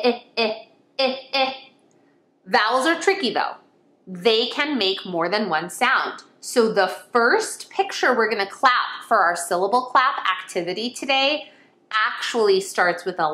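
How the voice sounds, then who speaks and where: A woman's voice: medium pitch, fairly bright tone, reverberant. A woman teaching kindergarten children in an online lesson, exclaiming and sing-song as she talks to them as friends.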